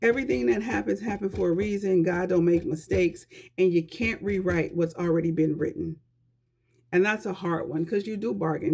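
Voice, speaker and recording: A woman speaks straight to her viewers in a casual vlog. Her talk is earnest and conversational, and she gives life advice. Her voice has a gravelly edge of vocal fry. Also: fairly low pitch, fairly even intonation, moderate pace, a little mellow. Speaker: vlogger giving life advice.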